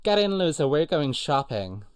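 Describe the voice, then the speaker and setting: A man's voice: fairly high pitch, big pitch swings, normal speed, clean tone, dry recording, clean studio sound, pitched above the performer's own voice. A man doing a bossy, snobbish teen girl. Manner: sassy, mixed-up put-on accent.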